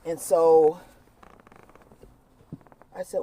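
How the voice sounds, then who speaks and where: A middle-aged voice delivering a reflective spiritual talk at an unhurried, deliberate pace. The speaker is earnest and circles back to key words again and again to stress them. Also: medium pitch, a little mellow. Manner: slow, earnest, repeats key words for emphasis.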